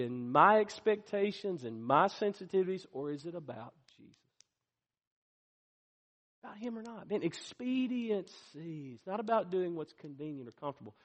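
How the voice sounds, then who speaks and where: Male pastor, fiery sermon delivery, fairly high voice, big church hall echo. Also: muffled recording. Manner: preaching with sudden swings from hushed to loud. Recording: long reverb of a large hall.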